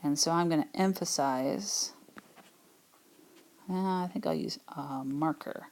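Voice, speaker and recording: A woman with a lowish voice walks students through a math lesson. She explains casually, thinking aloud with small fillers, as if recording over a tablet whiteboard. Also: takes it slowly, pauses often, a little mellow. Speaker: math teacher. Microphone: tablet microphone.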